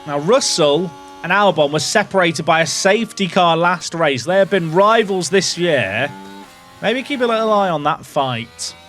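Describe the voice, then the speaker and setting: Man, fairly high voice, casual game commentary, thinks aloud, wry asides. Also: animated, normal speed, a bit bright, faint music behind. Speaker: host commenting on his management game.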